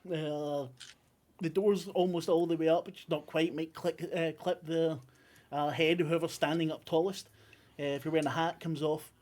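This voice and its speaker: A man's voice: fairly high pitch, flat delivery, normal speed, a little mellow. A man narrating a tabletop game as game master, rambling with many ums and self-corrections.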